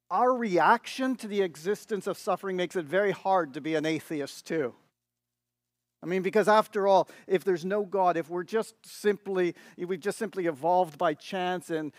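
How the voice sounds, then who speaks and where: A male pastor delivering a sermon in a slightly high voice, earnest and emphatic, stacking repeated words for weight. The sound is dry and close, with no room echo. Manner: earnest, building emphasis through repeated phrases.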